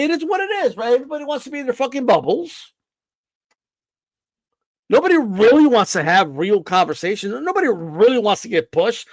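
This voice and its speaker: Man, very high voice, boxing stream host, profane defiant rant, stammering, dry close sound. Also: dry recording. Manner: stammers and restarts.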